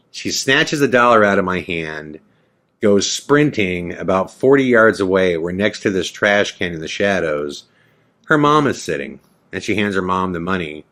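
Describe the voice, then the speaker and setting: A man with a deep, low voice telling a personal story on a podcast in loose, casual talk. He acts out what he said back then and swears now and then. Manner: animated storyteller, acts out his own past lines, swears casually.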